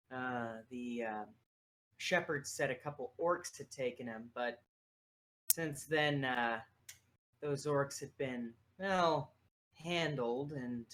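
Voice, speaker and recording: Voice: medium pitch, fairly bright tone. A game master voicing a tired woman clerk who hesitantly explains an outdated job.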